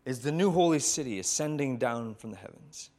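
A man preaching as a pastor, retelling a scripture story in a reflective way with dramatic pauses. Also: medium pitch, animated, darkish tone. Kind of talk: sermon storytelling.

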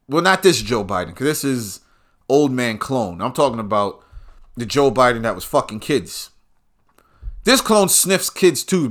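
Bright-voiced man ranting crudely. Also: medium pitch. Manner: crude, combative, swearing freely. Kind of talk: profane rant.

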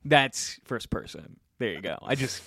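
A man's voice: mid-range voice, expressive, unhurried, vocal fry, a bit bright, breathy edge, dry recording, studio quality. A young man co-hosting a podcast, teasing and prodding his friends in a pushy, profane casual chat. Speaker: podcast co-host.

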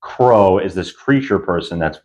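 Lively man retelling a movie plot. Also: sits low, a little slow, dull audio. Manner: animated retelling, jumps into quoted voices. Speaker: podcast co-host. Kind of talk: casual movie review chat.

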